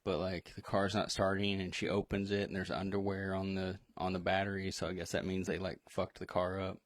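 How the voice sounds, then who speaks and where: A man's voice: deep voice, fairly bright tone, no room sound, clean studio sound. A man co-hosting a casual horror movie discussion stream, rambling through plot recaps with fillers and laughs. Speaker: podcast co-host.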